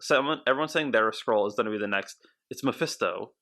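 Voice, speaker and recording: A man co-hosting a podcast who theorizes in an animated, rambling way, with frequent restarts. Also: fairly low pitch, fast talker. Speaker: podcast co-host. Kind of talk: casual podcast chat.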